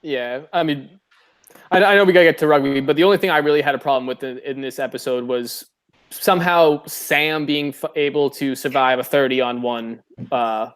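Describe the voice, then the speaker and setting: A man's voice: medium pitch, moderate pace, clean tone. A young man co-hosting a podcast in casual chat, telling stories with jokes and laughter. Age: young adult. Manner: laughing, joking storyteller. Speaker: podcast co-host.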